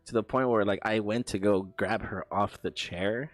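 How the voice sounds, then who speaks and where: A low-pitched man tells a story in a loose, profane way, tripping over his own words and starting sentences over. His voice is close and dry, with faint music playing underneath. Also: fairly even intonation, no room sound. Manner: profane, halting, many stammered restarts. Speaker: streamer. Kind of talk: casual storytelling while livestreaming.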